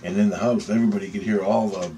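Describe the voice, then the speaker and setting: A man telling a dream story in an excitable, rambling way, swearing often and restarting sentences. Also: on the low side, racing, slight background noise.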